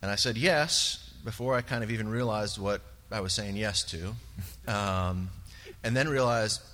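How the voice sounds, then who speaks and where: A man sharing a personal testimony in church, earnest and halting, with many pauses and fillers. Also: on the low side, steady tone, a bit bright. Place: church sanctuary. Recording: long reverb of a large hall.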